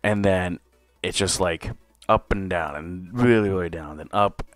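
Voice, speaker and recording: A man's voice: sits low, unhurried, dry recording, faint music behind. A young man hosting a live wrestling review stream, ranting angrily and swearing constantly. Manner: angry profane ranting, frequent cursing. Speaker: wrestling podcast host.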